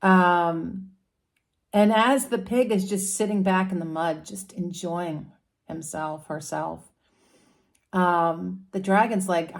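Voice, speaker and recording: A woman's voice: on the low side, steady tone, slow. A woman explaining astrology casually, as a story about animal characters.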